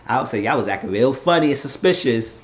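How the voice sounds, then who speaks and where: A man's voice: mid-range voice, lively intonation, fast talker. A man casually recapping a TV season finale in a loose, rambling way, often restarting his sentences. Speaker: TV show recapper. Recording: roomy, dull lo-fi recording.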